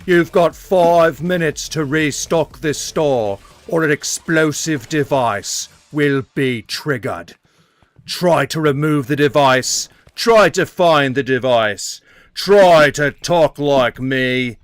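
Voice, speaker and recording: A man voicing a threatening male game announcer in a slow, theatrical mock Australian accent. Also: fairly high pitch, dry recording. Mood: mock menace.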